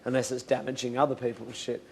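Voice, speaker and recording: A man in a relaxed panel chat among comedians, thinking out loud about his work. He talks earnestly and reflectively, with casual swearing woven through his points. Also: medium pitch, fast, vocal fry.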